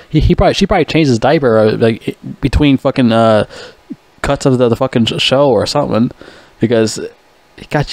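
A man's voice: medium pitch, darkish tone, dry recording. A man ranting about a TV show, swearing constantly, mocking the contestants and stumbling over his words. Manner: profane, mocking, puts on whiny voices. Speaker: vlogger. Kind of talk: ranting commentary.

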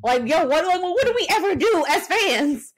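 A young woman co-hosting a casual podcast chat, passionate and animated, swearing freely. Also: very high-pitched, moderate pace. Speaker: podcast co-host.

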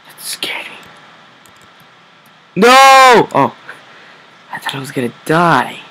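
A man's voice: medium pitch, moderate pace, pushed and bright, whispered, rough recording. A man giving let's play commentary, talking to himself while he plays and breaking into frustrated outbursts. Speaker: gameplay video creator.

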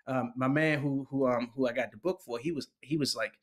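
A man in his forties telling stories casually in an interview, slangy and lively, acting out other people's voices and laughing often. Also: mid-range voice, brisk. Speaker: interviewee, poet.

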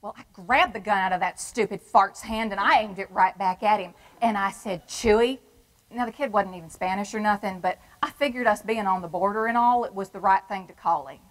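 A woman's voice: mid-range voice, brisk, close to an everyday voice, rough recording. A brassy, wisecracking Texan wife of an inmate, acted by a woman in a theatrical monologue. She has a folksy drawl and a tough, no-nonsense delivery. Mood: brash. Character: brash, wisecracking Texan woman with a husband in prison. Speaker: performer.

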